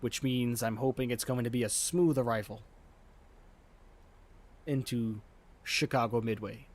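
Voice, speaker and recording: A man's voice: mid-range voice, measured pace. A man streaming a flight simulator, chatting casually and joking as he commentates live on the game. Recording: steady background noise.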